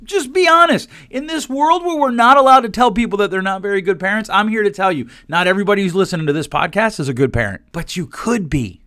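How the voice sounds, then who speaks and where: A man's voice: sits high, quick pace, few pauses, sharp tone, no room sound, studio quality. A man in his forties hosting a solo podcast, talking bluntly and animatedly, quoting people in put-on voices. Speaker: podcast host.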